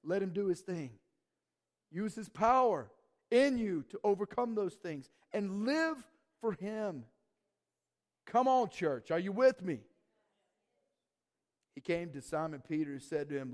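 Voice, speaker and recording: This pastor's voice sits high and expressive, moving a little slowly with frequent pauses. He preaches emphatically, calling out to his congregation in call-and-response, and the church hall echoes around him.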